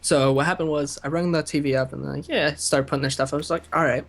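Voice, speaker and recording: A man's voice: fairly high pitch, fairly even intonation, quick pace, gravelly. A young man co-hosting a casual chat, telling work stories in a rambling way, full of restarts and laughs. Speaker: podcast co-host.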